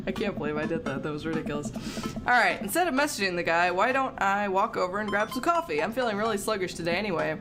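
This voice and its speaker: A woman reads the dialogue of a video game aloud during a live stream, voicing the characters with small shifts in her voice. She chats with her viewers between lines and giggles often. Game music plays clearly behind her, and her voice sits at an ordinary middle pitch. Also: expressive, fast. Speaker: streamer playing a visual novel. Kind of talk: reading game dialogue aloud, casual chat.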